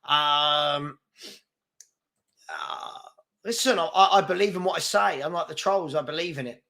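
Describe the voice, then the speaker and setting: A man's voice: sits high, quick pace, creaky, a bit bright. A man hosting a live fan chat show, chatty and brash as he reads comments and takes on trolls. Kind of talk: casual live-stream chat reading comments.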